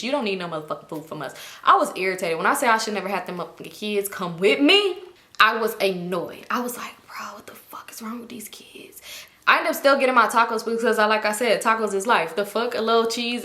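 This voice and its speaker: A young woman telling a casual storytime, animated and profane. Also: a little high. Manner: animated, profane, acts out quotes in raised voices. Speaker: storytime host. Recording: echoey room.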